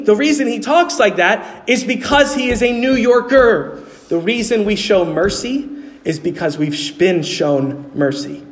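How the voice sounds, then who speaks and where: A man's voice: sits high, lively intonation, a little slow. A man preaching a sermon as pastor, earnestly asking his congregation questions as he explains. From New York City. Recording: long hall reverb.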